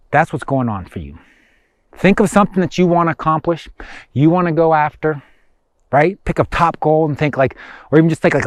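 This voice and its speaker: A man's voice: on the high side, expressive, brisk, no echo, clean studio sound. A man giving a conversational motivational self-help talk, emphatic and repetitive. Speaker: motivational speaker.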